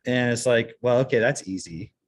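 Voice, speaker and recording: A man's voice: medium pitch, normal speed. A man chatting casually on a podcast, telling stories in a rambling way with many restarts. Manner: rambling anecdotal storyteller, frequent restarts. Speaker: podcast co-host.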